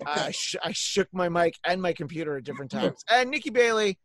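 A man's voice: high-pitched, animated, brisk, fairly bright tone, slight background noise. A man hosting a podcast, wrapping up a casual chat and rambling with many ums and uhs. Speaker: podcast host.

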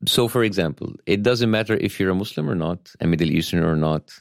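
A middle-aged man with an Egyptian Arabic accent, a satirist guest talking in a wry, self-deprecating way with thoughtful pauses. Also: low-pitched, vocal fry, dry recording, studio quality. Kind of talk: conversational interview.

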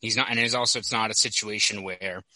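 A young man, a hockey reporter, chatting casually on a podcast and telling stories with quick asides. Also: lowish voice, fairly even intonation, pushed and bright, no room sound, rough recording.

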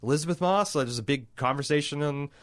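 A man's voice: fairly high pitch, fast talker, no room sound, studio quality. A man co-hosting a podcast, talking casually with lots of restarts and swearing. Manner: rambling, profane, many restarts. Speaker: podcast co-host. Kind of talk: casual chat.

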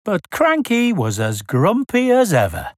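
A woman reading a children's storybook aloud in an expressive, animated way. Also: mid-range voice, a little slow, slight background noise.

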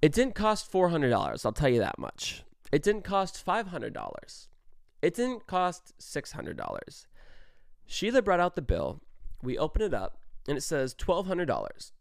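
A young man in his twenties telling a story in a casual, animated way, swearing often and stressing his words. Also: fairly high pitch, unhurried, creaky, no echo, clean studio sound. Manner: animated, profane, emphatic storytelling.

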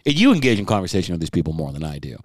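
A man's voice: deep voice, big pitch swings, very fast, no echo, clean studio sound. A young man co-hosting a podcast in casual chat, rambling, swearing often and acting out quotes. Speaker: podcast co-host.

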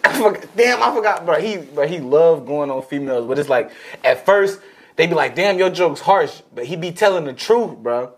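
Young man, slightly high voice, eager, casual, faint hiss and clicks. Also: lively intonation, brisk. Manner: eager, jumps in with his own stories. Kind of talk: casual chat.

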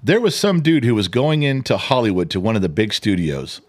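A man's voice: on the low side, big pitch swings, fairly quick. A middle-aged man co-hosting a podcast in casual chat, telling stories animatedly, mimicking voices and swearing. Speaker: podcast co-host.

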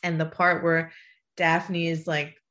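A woman's voice: sits low, little pitch movement, slow pace, fairly bright tone. A young mother chatting casually, laughing often and acting out what others said. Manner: emotional, laughs often, acts out quotes. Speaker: podcast co-host, mother of a baby son. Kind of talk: casual chat.

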